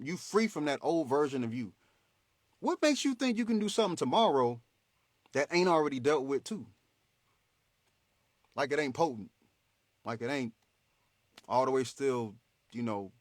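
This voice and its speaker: A man hosting a motivational faith talk, animated and preachy, in a slangy, conversational way. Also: mid-range voice, no room sound, clean studio sound. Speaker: host.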